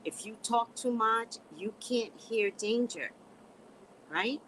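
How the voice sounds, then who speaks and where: With a fairly high, slightly bright voice and a slow delivery, this middle-aged woman, a psychic reader and live host, talks to her stream audience with blunt sass, laughs often, and calls them "guys." The rough recording carries a little hiss or hum.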